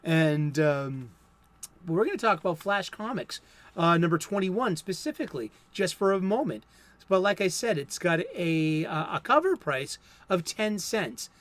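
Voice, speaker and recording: A man in his fifties who hosts a comic book show, talking in an opinionated, conversational monologue with some halting restarts. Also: sits high, expressive, fairly bright tone. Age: 50s. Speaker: comic book video host. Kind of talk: casual monologue.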